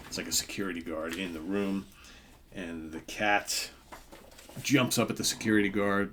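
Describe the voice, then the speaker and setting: A man's voice: low-pitched, a bit bright, slight background noise. A man in his fifties hosting a comic book show, rambling casually with lots of fillers and asides. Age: 50s. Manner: rambling, filler-heavy, with many asides and tag questions. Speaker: comic book podcast host. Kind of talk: casual show-and-tell commentary.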